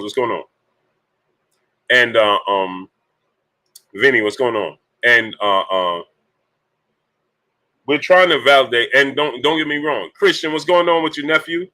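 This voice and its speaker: A man's voice: mid-range voice, sharp tone, rough recording. A man hosting a casual boxing talk livestream, greeting viewers by name between his points, with many fillers.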